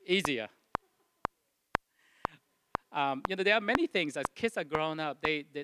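Earnest male preacher, noisy recording. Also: fairly high pitch. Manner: earnest, restarts and self-corrects often. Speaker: pastor. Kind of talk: sermon. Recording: loud background noise.

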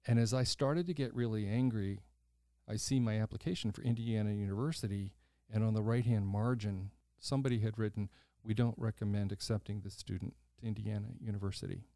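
An older man in his sixties, hosting a podcast, talks in a low, warm, mellow voice. He tells his story bluntly, slipping into the voices of the people in it. The sound is dry and close. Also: a little fast, no room sound. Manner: animated storyteller who acts out quoted voices, blunt and swears casually. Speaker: podcast host. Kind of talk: casual storytelling conversation.

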